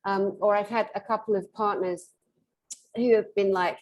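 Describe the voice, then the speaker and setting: A British woman hosting an interview, talking in a lively, playful, high-energy way. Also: normal speed, lo-fi sound, slight background noise. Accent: British English. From England. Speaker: host. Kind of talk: casual interview chat.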